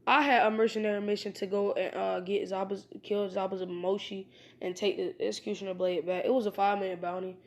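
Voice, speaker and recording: A woman voicing a calm protective young ninja. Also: mid-range voice, fairly quick, close to an everyday voice. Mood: earnest. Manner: plain, steady, hesitant with fillers.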